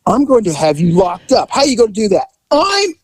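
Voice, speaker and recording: A man tells a story in a lively voice that swings up and down as he acts out each person in it. His delivery is casual and talkative. The sound is dry and close, with no room echo. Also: high-pitched, quick pace, creaky, husky. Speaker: podcast host and former police officer.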